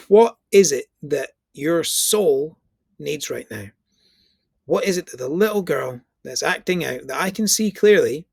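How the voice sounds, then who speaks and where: A man's voice: mid-range voice, gravelly, breathy edge, dry recording. A man giving an earnest coaching talk on relationships, repeating key phrases for emphasis.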